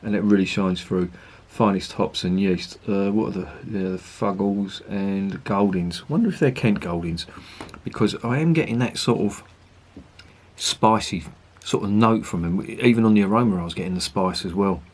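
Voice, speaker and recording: Bloke reviewing a pint, low husky voice, chatty n sweary. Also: male voice, moderate pace, darkish tone. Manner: chatty, enthusiastic, swears casually. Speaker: beer reviewer. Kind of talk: casual beer review to camera.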